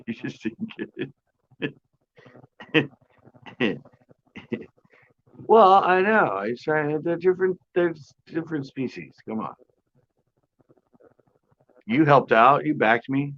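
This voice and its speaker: A man's voice: on the high side, expressive, takes it slowly, pauses often, a bit bright, lo-fi sound. A man hosting a live fishing stream from his porch, chatting casually with viewers, joking and sarcastic, with frequent laughs. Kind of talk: casual live-stream chat, reading comments.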